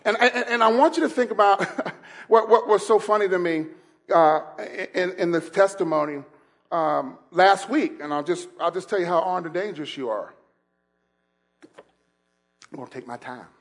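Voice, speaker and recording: A man preaching a sermon as pastor, laughing between lines and building to shouted, repeated calls to the congregation. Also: high-pitched, normal speed, pauses often. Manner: repeats phrases, laughs while speaking.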